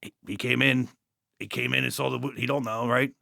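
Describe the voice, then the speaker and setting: A man with a New York accent, a police officer telling his story as a guest in a blunt, profane, animated way. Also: mid-range voice, fairly quick, vocal fry, no echo, studio quality.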